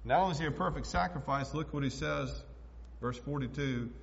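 A man preaching a sermon as pastor, emphatic, swinging between loud declarations and hushed asides. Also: on the high side, a little fast, vocal fry. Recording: echoey hall, dull lo-fi sound.

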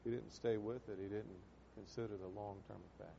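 A preacher delivers his sermon in a folksy, heartfelt way, leaning on "man" and "hey" as he builds to urgent pleas. His voice sits at an ordinary pitch and rings with the long reverb of a church hall. The sound is dull and lo-fi, with a faint rumble underneath. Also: fairly even intonation, brisk, vocal fry. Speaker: pastor. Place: church sanctuary.

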